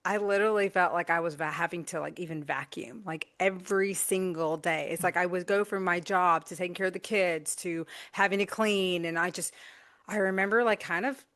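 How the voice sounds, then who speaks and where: A woman's voice: lowish voice, fairly even intonation, fairly quick, a bit bright. A woman who hosts a podcast and coaches moms, speaking in an affirming, reflective way in a casual panel chat.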